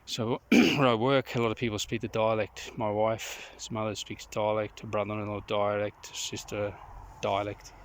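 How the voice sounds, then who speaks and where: A man recording a casual outdoor vlog, rambling and opinionated, often clearing his throat. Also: fairly low pitch, flat delivery, moderate pace, few pauses, slight background noise. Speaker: vlogger. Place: outdoors in the countryside.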